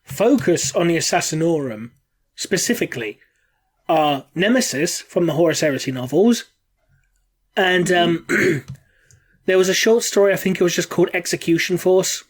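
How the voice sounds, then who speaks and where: A man's voice: high voice, lively intonation, normal speed. A man co-hosting a casual hobby podcast, talking in a dry, joking way. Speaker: podcast co-host.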